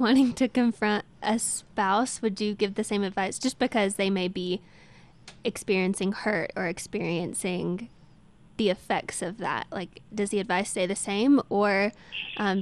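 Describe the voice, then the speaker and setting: A woman's voice: mid-range voice, steady tone, a little slow. A woman co-hosting a conversational interview, asking a careful, thoughtful question.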